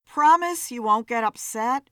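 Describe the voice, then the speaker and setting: A woman's voice: fairly high pitch, lively intonation, a little slow, bright, forceful tone, clear, resonant tone, dry recording, clean studio sound. A woman voicing a blunt, weary female bartender in an audiobook story.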